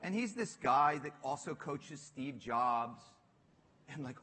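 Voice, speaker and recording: A middle-aged man on stage telling a lively, self-mocking story and laughing through his lines. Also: medium pitch, takes it slowly, breathy edge, big-room sound. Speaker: panel guest. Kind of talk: animated onstage storytelling. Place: stage at a public talk.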